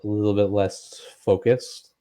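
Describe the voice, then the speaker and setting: A man running a tabletop game as game master, describing scenes in a relaxed, hesitant way. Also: on the low side, measured pace. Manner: relaxed, hesitant, many fillers.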